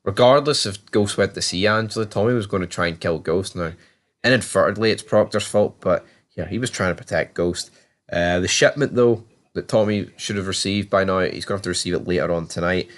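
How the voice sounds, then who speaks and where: A low-pitched man reviews and recaps a TV season in a casual, chatty way. He swears freely and acts out characters' lines in quick asides.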